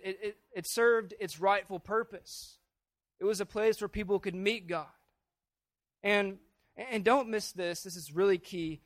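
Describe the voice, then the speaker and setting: A man preaching with a high, ringing voice, earnest and swelling in volume to drive home key lines. He is recorded close and dry, with no room around him. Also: fairly bright tone, dry recording. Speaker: pastor. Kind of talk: sermon.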